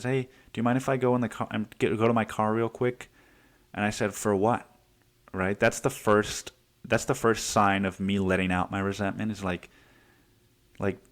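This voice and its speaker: A man in his twenties telling a heated workplace story on his podcast, swearing often and acting out what people said. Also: on the low side. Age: 20s. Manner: profane, heated, acts out quotes. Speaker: podcast host. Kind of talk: casual storytelling monologue.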